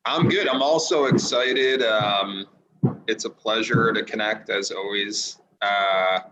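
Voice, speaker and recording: A man with a low but bright, forceful voice answers as a podcast guest. He pauses and restarts often while thinking aloud, and his audio sounds somewhat dull and lo-fi. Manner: reflective, halting, lots of fillers. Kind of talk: podcast interview.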